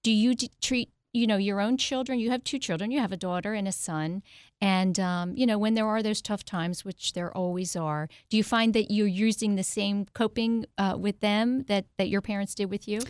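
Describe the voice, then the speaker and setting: Smooth-voiced middle-aged woman host. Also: medium pitch, steady tone, moderate pace, dry recording, clean studio sound. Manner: warm, curious, hesitant questions with fillers. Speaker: interview host. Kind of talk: conversational interview.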